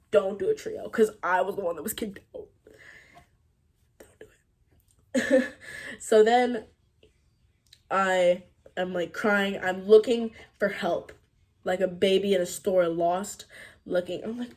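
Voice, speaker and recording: A teenage girl telling a storytime vlog, chatty and animated, leaning on "like" and breaking into quick laughs. Her pitch sits in an ordinary middle range for a young woman. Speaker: vlogger.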